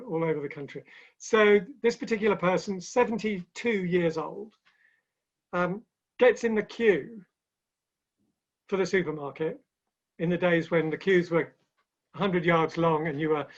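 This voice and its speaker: A man's voice: sits high, normal speed, pauses often. A man speaking as a guest in a webinar conversation, telling stories with light humor in a chatty way. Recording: dull lo-fi online call audio.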